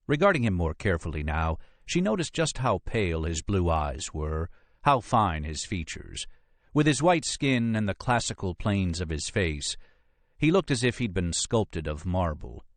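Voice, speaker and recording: Man, audiobook narrator, very deep voice, lively intonation, dry close recording. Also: dry recording. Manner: expressive, measured storytelling. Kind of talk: scripted narration.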